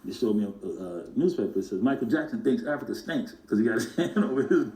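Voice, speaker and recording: A man, a music producer and guest, telling stories in an animated way and acting out the voices of the people in them. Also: medium pitch, fast, reverberant, low-quality recording. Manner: acts out other people's voices in his stories. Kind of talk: animated storytelling.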